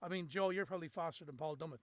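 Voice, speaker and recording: Male podcast host, high voice, blunt and opinionated, dry close sound. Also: very fast, a bit bright, dry recording. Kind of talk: casual football chat.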